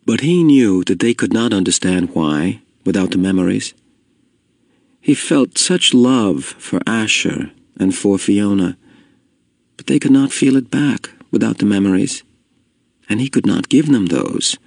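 A man reading a story aloud in steady, measured scripted narration. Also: fairly low pitch, creaky, no room sound, clean studio sound. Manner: steady, measured reading, slowing at heavy moments. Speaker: audiobook narrator.

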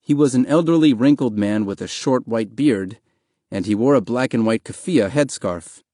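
A man narrating an audiobook in a calm, even, measured reading voice. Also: medium pitch, dry recording, clean studio sound.

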